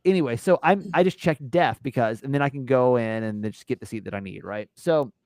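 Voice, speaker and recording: A man's voice: medium pitch, brisk, dry recording, studio quality. A man hosting a podcast, telling a rambling story in a casual, swearing way. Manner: animated, rambling, swears and laughs. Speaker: podcast host.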